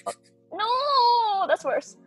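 A woman's voice: very high-pitched, big pitch swings, very slow, fairly bright tone, faint music behind. A woman in casual chat who giggles often, swears freely and keeps guessing in a playful way.

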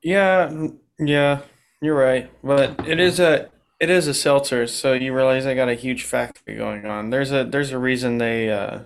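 A man's voice: medium pitch, fairly even intonation, moderate pace, gravelly, a little hiss or hum. A man co-hosting a podcast in casual chat, easygoing and explaining things matter-of-factly. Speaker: podcast co-host.

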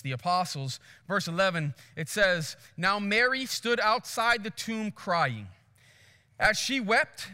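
A man preaching a sermon, telling a story with animated swings from hushed to loud before reading scripture. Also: high voice, in a large hall. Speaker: pastor.

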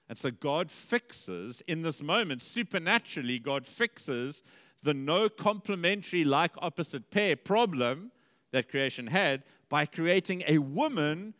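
A male pastor preaching a conversational, lively sermon, dipping to quiet emphasis and rising to exclamations. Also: mid-range voice, smooth, long reverb tail.

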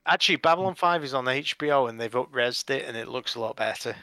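A man's voice: medium pitch, fast talker, no echo. A man co-hosting a casual podcast chat, talking eagerly about shows he watches. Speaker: podcast co-host. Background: loud music.

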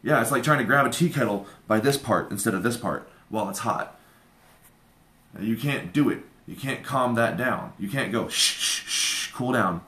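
Loud, ranting man in an echoey room. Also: medium pitch, normal speed. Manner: ranting, profane, insistent. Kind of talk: heated argument with partner.

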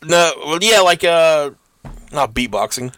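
A man's voice: fairly high pitch, animated, a little slow, fairly bright tone, no echo. Dry, teasing man telling stories. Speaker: podcast co-host. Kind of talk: casual chat.

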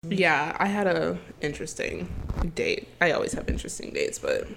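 A woman's voice: low-pitched, moderate pace, creaky, a little hiss or hum. Young woman telling a story with lots of laughs. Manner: animated storyteller acting out quotes, laughs often. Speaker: podcast co-host. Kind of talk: casual chat, storytelling.

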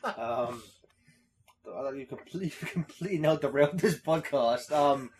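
A man's voice: on the high side, lively intonation, moderate pace, a little mellow, a little hiss or hum. A man co-hosting a podcast in casual chat, rambling, swearing and laughing often. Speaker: podcast co-host.

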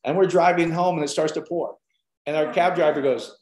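A man preaching an informal sermon, telling stories in an animated way with lots of fillers. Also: a little high, fairly quick. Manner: animated storytelling with many fillers. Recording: roomy echo.

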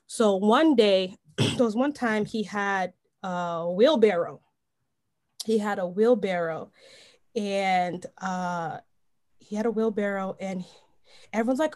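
A woman's voice: medium pitch, unhurried. A young woman co-hosting a podcast, chatting casually about faith and acting out the voices in her stories. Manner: animated storyteller, acts out quotes. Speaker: podcast co-host.

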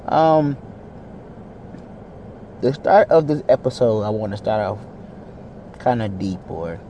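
A man's voice: mid-range voice, a little mellow, slight background noise. Frustrated young man ranting. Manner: frustrated, rambling, swears, restarts words. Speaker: podcast host. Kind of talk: casual solo podcast rant.

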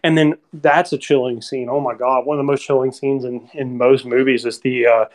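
A podcast co-host in a casual film discussion who talks in an animated way and acts out lines from scenes. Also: medium pitch, fairly quick.

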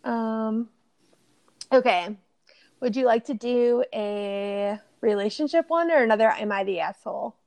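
A woman co-hosting a chatty podcast, reading posts aloud in a lively way. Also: on the high side, unhurried, no room sound.

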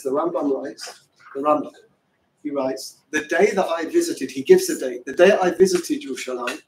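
A man's voice: high voice, a little mellow, a little hiss or hum. A fervent rabbi lecturing a class, his voice picked up from a distance and ringing around a roomy hall. He drives his points home with pointed rhetorical questions, and a faint room ambience sits underneath. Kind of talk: impassioned Torah lecture.

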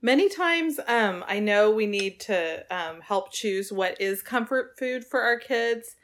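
Brief: woman host, mid-pitched, affirming, asks careful questions with lots of ums. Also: lively intonation, takes it slowly. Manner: warm affirming questions, many fillers. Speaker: podcast host. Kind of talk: podcast interview.

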